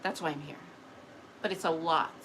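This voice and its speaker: A woman talking casually to camera about her spiritual gifts. She is chatty and animated, often laughs, and acts out other people's voices, and she says she is tired. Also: low voice, moderate pace, a little hiss or hum, poor audio. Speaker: spiritual messenger.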